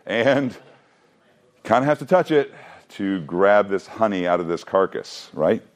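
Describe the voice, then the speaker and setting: A man's voice: lowish voice, lively intonation, measured pace. A man teaching a Bible class, mixing reading with joking asides and questions to the students.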